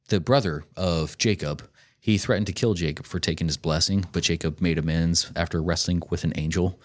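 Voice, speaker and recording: A man hosting a casual podcast, explaining a film in a thoughtful, rambling way with small asides. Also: low-pitched. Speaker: podcast host reviewing a film.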